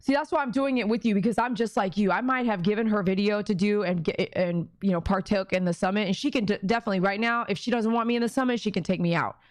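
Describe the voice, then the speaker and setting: A woman on a livestream, reading viewer comments aloud and talking straight to her fans in an animated, emotional way. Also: medium pitch, fast talker, hardly any pauses, no room sound. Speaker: dog groomer and YouTuber.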